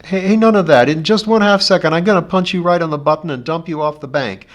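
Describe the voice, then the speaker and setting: A man's voice: on the high side, fast, voice pushed up, lightly acted. A man reading aloud who voices a brave, stubborn teenage boy in a grim, determined way.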